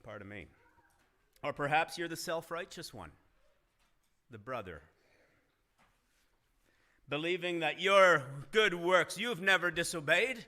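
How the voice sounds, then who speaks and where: Bright-voiced male pastor preaching. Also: a little high, lively intonation, takes it slowly, pauses often. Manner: earnest preaching, rising emphasis in retold dialogue. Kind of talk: sermon. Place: church sanctuary.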